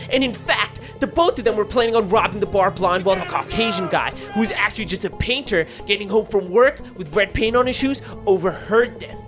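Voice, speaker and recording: A man playing a gruff, raspy male boss who tests a new recruit and lectures him sternly. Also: sits high. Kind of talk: comedy sketch acting.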